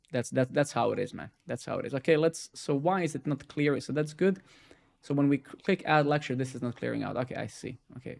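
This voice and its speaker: A man's voice: medium pitch, creaky. Swearing man ranting while he codes. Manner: profane, ranting, keeps tagging "right?" and "man"; drops into quiet muttering while debugging. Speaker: live coding streamer. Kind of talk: casual live-stream rant while coding.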